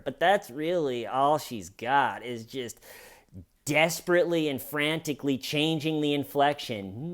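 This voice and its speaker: Sarcastic man doing true crime commentary. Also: unhurried. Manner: sarcastic, acts out quotes in a high mocking voice. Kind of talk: casual commentary with mocking impressions.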